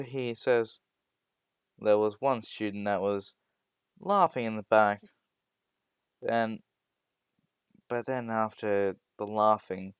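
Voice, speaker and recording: A man with a low, smooth voice narrates an improvised fan story, rambling and restarting his sentences. The sound is close and dry. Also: dry recording. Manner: rambling, frequent restarts and "well".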